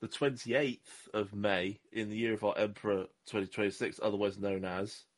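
A man's voice: on the low side, steady tone, normal speed. A man from Southwest England, co-hosting a podcast in casual, jokey chat and often tripping over his words. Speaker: podcast co-host.

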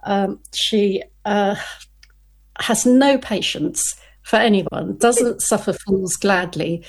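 Woman author guest, casual and chatty, laughs a lot, restarts her lines, middle pitch. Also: takes it slowly. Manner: chatty, self-interrupting, laughs often. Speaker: crime novelist guest. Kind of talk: casual interview chat.

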